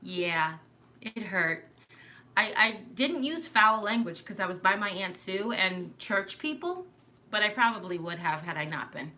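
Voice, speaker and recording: A woman's voice: medium pitch, expressive, measured pace, sharp tone. A woman from Long Island with a New York accent, chatting casually on a live stream, rambling and interrupting herself. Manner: rambling, self-interrupting, laughs often.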